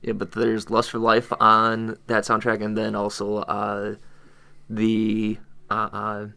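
Low, gravelly podcast man. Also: completely flat delivery, takes it slowly, pushed and bright. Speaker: podcast co-host. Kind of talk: casual podcast chat.

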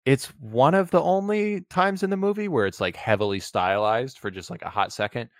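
A man co-hosting a podcast, chatting loosely about a movie in a relaxed way, swearing casually. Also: mid-range voice, moderate pace, dry recording, clean studio sound. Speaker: podcast co-host.

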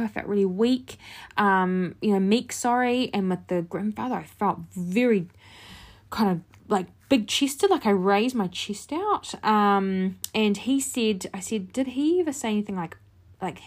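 A woman talks through a reading she gave as a medium, in a casual, chatty way. She fills her sentences with "like" and "um" and acts out the back-and-forth with lively quotes. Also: mid-range voice. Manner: chatty, animated, many fillers and "like". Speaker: medium, podcast host. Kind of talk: casual storytelling to listeners.

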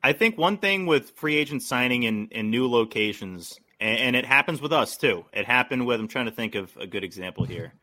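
A man's voice: medium pitch, animated, fairly quick, hardly any pauses, pushed and bright. A man talking casually as a podcast guest, rambling with many likes and restarts.

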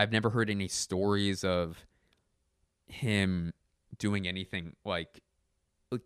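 A man in casual chat, rambling and animated, full of fillers and restarts. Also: on the low side, smooth, dry recording, clean studio sound.

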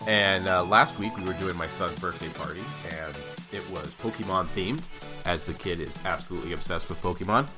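A man in his thirties, a podcast host telling funny family stories in casual chat, animated and mock-serious. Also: deep voice, brisk, over loud music.

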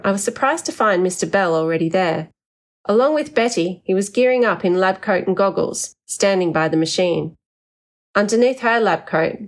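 Female audiobook narrator, first person, wry and expressive; lowish pitch.

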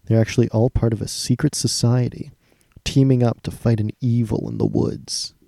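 Young male podcast co-host, gravelly and warm, deadpan recap delivery. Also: mid-range voice, moderate pace, no room sound, studio quality. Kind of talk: casual episode recap chat.

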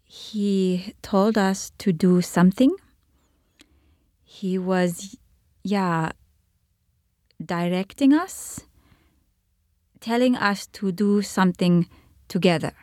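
A young woman testifying as a witness in court, answering in a halting, hesitant way. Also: medium pitch, a little mellow, dry recording, clean studio sound. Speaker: trial witness.

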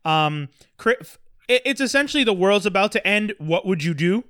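A man co-hosting a casual movie chat, rambling and animated, often slipping into mock voices. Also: sits high, moderate pace, smooth, no echo, clean studio sound.

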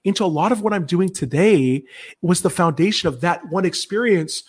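A guest speaker on a Christian broadcast shares an earnest personal testimony, preaching emphatically and often restarting sentences with rapid self-corrections. His voice sits high, expressive and husky.

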